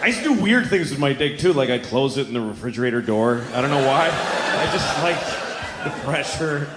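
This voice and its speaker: Animated male stand-up comic, echoey club. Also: a little fast. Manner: crude, confessional storytelling with lively pitch swings. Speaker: stand-up comedian. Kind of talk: stand-up comedy set. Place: comedy club stage before a live audience. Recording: echoey live room with clear ambient noise.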